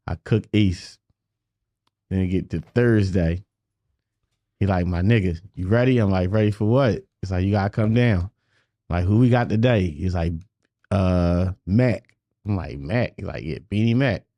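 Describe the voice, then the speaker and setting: A man's voice: low-pitched, unhurried, long pauses, no room sound, highs cut off. A man, a rapper telling a story on a podcast, swearing freely and often repeating "you know what I mean". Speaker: guest rapper. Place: podcast studio.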